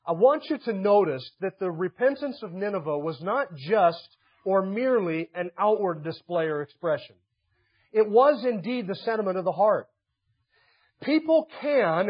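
A man's voice: high-pitched, animated, brisk, breathy edge. A man preaching an earnest expository sermon as pastor, building to emphatic stress on key points. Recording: dull lo-fi sermon recording.

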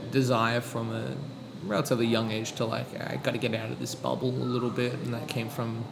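Young Australian man, softened accent with British inflections, rambling chat, noisy recording. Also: medium pitch. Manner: chatty, rambling, frequent fillers and restarts. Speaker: podcast guest. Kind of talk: casual chat. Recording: audible background noise.

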